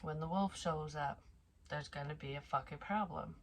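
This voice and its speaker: A woman's voice: deep voice, moderate pace, low-quality recording. A woman giving a casual psychic tarot reading, chatty and thinking aloud, with frequent swearing.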